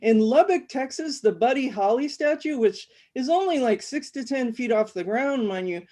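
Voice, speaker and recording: A weary, blunt man, read by a woman talks in a gruff, profane way. He sounds worn out and unimpressed. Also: high-pitched, animated, normal speed, mellow, pitched above the performer's own voice. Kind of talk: reading a story aloud.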